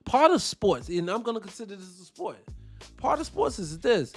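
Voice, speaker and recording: A man with a high-sitting voice hosts a wrestling podcast at normal speed, with faint music behind him. He's animated, blunt and profane in his casual commentary, and he talks back to his chat.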